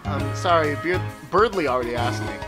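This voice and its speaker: A man's voice: a little high, big pitch swings, fairly quick. A man giving casual let's-play commentary, joking, swearing and talking to the game's characters. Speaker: let's player. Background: game music.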